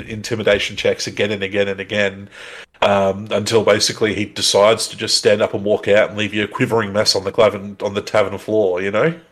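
Low-voiced man recapping a show. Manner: rambling, filler-heavy storytelling. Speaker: podcast co-host. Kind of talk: casual recap chat.

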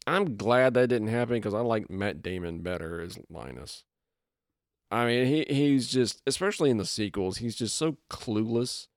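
A man co-hosting a casual chat about a movie, his pitch swinging widely as he acts out scenes. The sound is close and dry, with no room around it. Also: normal speed, no echo. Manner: animated, acts out quotes in a raised voice. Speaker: podcast co-host.

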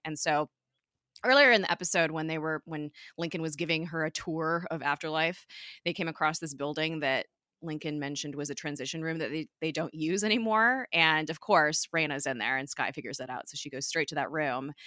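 A woman hosting a podcast, recapping a TV episode in a chatty way, full of fillers and quick giggles. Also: sits low, pushed and bright, dry recording, studio quality.

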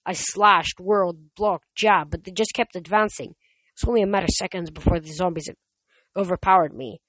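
A reader narrating a story in first person, steady, with small slips and restarts. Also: medium pitch, moderate pace, no room sound, low-quality recording. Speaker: audiobook reader.

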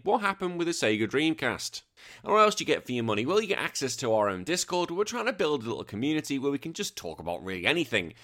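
A man's voice: medium pitch, a bit bright. A man with a British accent hosting a retro gaming podcast, rambling in a chatty, self-deprecating way. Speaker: podcast host. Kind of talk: casual podcast monologue.

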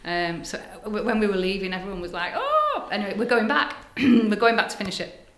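An older woman, a spiritual healer, telling stories in a casual interview, animated and dropping into hushed asides. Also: medium pitch, quick pace. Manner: animated, breathy storyteller, drops to hushed asides. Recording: echoey room.

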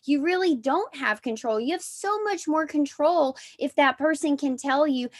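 A woman's voice: high-pitched, lively intonation, measured pace, no room sound, studio quality. A woman who works as a doula, speaking emphatically as a guest in a casual podcast chat. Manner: emphatic and insistent.

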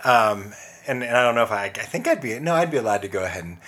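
A relaxed man in his thirties talking on a casual podcast. He asks questions, trades bad jokes and laughs along with his co-host. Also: lowish voice, quick pace. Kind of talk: casual chat.

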